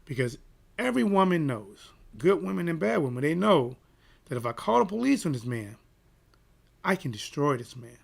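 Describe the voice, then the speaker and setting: A man hosting a boxing channel, telling a personal story in an animated, emphatic way and checking in with "right?". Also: fairly high pitch, moderate pace, creaky. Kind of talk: casual storytelling rant.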